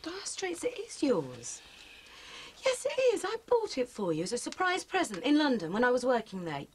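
Worn-out wife, exasperated, lively intonation, TV drama. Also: female voice, fairly high pitch, normal speed, a little hiss or hum. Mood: weary. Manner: weary and exasperated. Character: weary wife leaving her husband.

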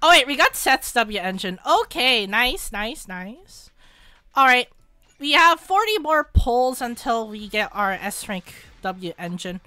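A woman hosting a casual gaming video, commenting on her pulls and breaking into shrieking, repeated exclamations when excited. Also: fairly high pitch, measured pace, no room sound, soft background music. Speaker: gaming channel host. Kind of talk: casual gacha pull commentary.

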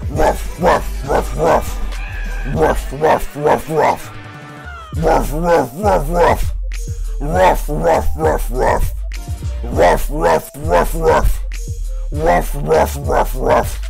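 A man's voice: fairly high pitch, animated, drawn-out words, creaky, long pauses, darkish tone, soft background music, full character voice. A man chanting dog barks as an echidna in a comic novelty song. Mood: barking. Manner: chanted barking.

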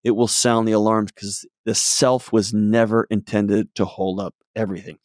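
Emphatic man telling lively stories, dry mic. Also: normal speed, no echo. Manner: emphatic, swings between loud excited and soft low tones. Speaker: guest mental health expert. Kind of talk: animated storytelling in conversation.

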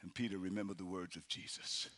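Telling a story during his sermon, a middle-aged male pastor speaks fast in a low-sitting voice. His delivery is animated and acted out, swinging between loud shouted lines and hushed near-whispers.

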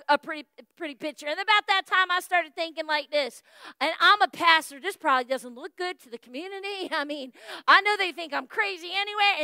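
A woman pastor with a drawl tells a story from the pulpit, acting out every line of dialogue. Her voice sits very high and rings bright. The sound is close and dry, with no room echo. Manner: animated, folksy storytelling with acted-out dialogue. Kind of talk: storytelling sermon. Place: church.

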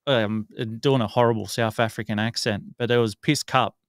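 A man's voice: medium pitch, steady tone, brisk, no echo, clean studio sound. A man co-hosting a casual sports podcast, rattling off stats and joking about himself. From Australia. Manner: chatty, rattles off stats, self-mocking. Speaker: podcast co-host.

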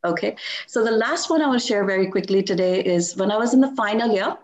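A middle-aged woman sharing personal devotional stories in a lively talk, laughing often as she tells them. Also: mid-range voice, quick pace. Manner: animated storytelling with frequent laughs.

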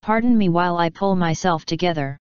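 A woman's voice: fairly low pitch, a little fast, smooth, no room sound, lo-fi sound, natural voice. A woman voicing a mischievous, snooty male chaos spirit in a storybook reading, with a sneering manner.

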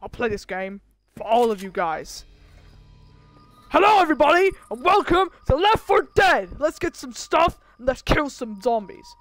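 A woman voicing a brash, violent male cartoon bear who gives loud, mocking let's play commentary and laughs often. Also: high-pitched, sing-song, normal speed, no echo. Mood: excited. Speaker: gamer. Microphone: headset.

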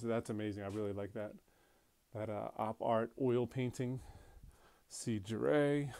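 A man's voice: medium pitch, a little mellow, no room sound. A man from an auction house narrating a casual walkthrough video of a large showroom, chatty and enthusiastic, with frequent fillers and restarts.

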